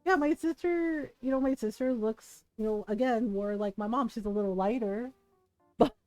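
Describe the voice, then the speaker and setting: A woman streamer from the United States telling a family story in casual, animated chat while she plays, laughing often and checking in with "right?". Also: fairly high pitch, normal speed, no room sound, faint music behind, rough recording. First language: bilingual in Tagalog.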